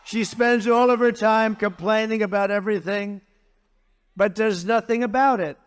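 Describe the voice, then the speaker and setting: A man's voice: high voice, steady tone, normal speed, smooth. A man speaking as a political candidate at a campaign rally, blunt and mocking, repeating his points and boasting in asides to the crowd.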